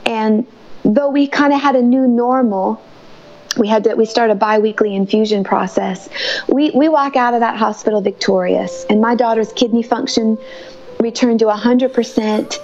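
A woman gives her testimony in a fervent, emotional way. Her voice sits fairly high. The recording sounds dull and muffled. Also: normal speed, a little mellow. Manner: fervent and emotional, faith-filled. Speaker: mother telling her story. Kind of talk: testimony interview.

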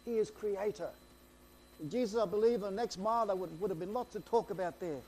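Speaking briskly, an eager male preacher turns scripture into an excited story in his sermon, stumbling over phrases and restarting them. His voice is high but soft and mellow, and a faint hum and some light noise run beneath it.

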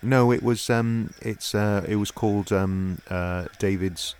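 A man's voice: on the low side, fairly even intonation, a little slow, darkish tone, a little hiss or hum. A man, an actor, chatting in improvised comedy, rambling and self-important, full of hesitations.

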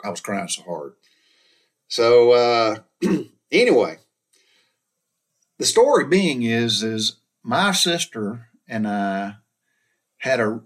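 A middle-aged man from the American South with a Southern drawl spins a casual personal story. His voice is husky and a little breathy, pitched in an ordinary middle range. He talks in a folksy, rambling way, stumbling over and repeating words as he goes.

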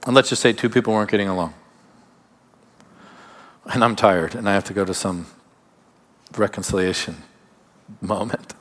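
A man preaching a sermon as pastor, emphatic, with sudden drops to quiet asides. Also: fairly low pitch, moderate pace, pauses often. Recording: long hall reverb.

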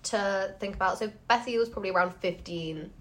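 A chatty woman co-hosts a relaxed history podcast. She fills her talk with "like" and "um", and laughter slips in now and then. Her voice sits at an ordinary pitch. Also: a little fast. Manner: chatty, laughs often, many fillers. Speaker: podcast co-host. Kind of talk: casual history chat.

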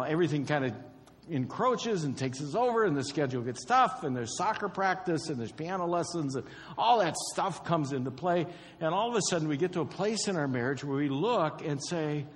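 A pastor giving a conversational sermon, repeating key phrases and quizzing the congregation. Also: male voice, mid-range voice, in a large hall, slight background noise.

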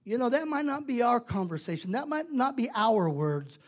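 A man's voice: extremely high pitch, big pitch swings, moderate pace. A male preacher delivering a sermon in a conversational, emphatic way, repeating words for stress.

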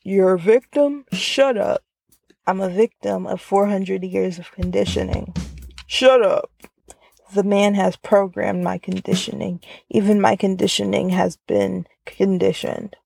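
A woman's voice: mid-range voice, steady tone, unhurried, gravelly, a little mellow. A woman doing a casual guy-voice impression of two grown men bantering, recorded in a car. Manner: mock-macho guy voice impression. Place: inside a parked car.

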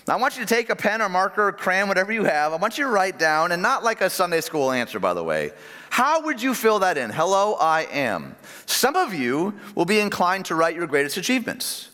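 Animated preacher man in a reverberant hall. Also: a little fast. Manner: animated preaching, dropping low and soft on key phrases. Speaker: pastor. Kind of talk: sermon. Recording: long reverb of a large hall.

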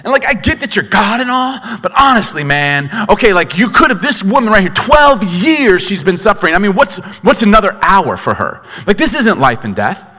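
A man voicing an outraged, grieving father, shouting high and exasperated in a long echoey hall. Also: very animated, normal speed, few pauses, heavily acted.

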